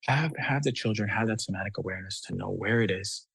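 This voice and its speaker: A man's voice: on the low side, fast, creaky, hardly any pauses, fairly bright tone, breathy edge, no echo, poor audio. A man speaking as a guest doctor on a podcast, talking with passion and force, now and then acting out children's voices. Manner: emphatic, acts out children's voices.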